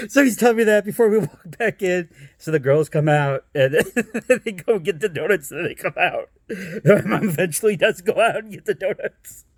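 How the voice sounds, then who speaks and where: A man's voice: high voice, normal speed, dry recording, studio quality. A man telling a rambling family story in a casual way, laughing often as he talks. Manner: lively and animated.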